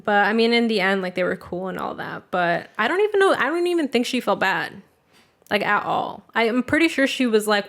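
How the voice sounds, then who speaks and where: A young woman speaking at a middle pitch, chatting casually as a podcast co-host. Her talk is loose and profane, with 'like' in almost every breath. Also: very animated, fairly quick, a bit bright. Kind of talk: casual storytelling chat.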